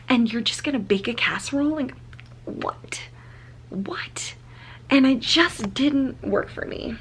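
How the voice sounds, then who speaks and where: Chatty young woman with a gravelly edge. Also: mid-range voice. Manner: chatty, frequent fillers, drops into unvoiced whispers. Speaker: book vlogger. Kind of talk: casual book review chat. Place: indoors at home.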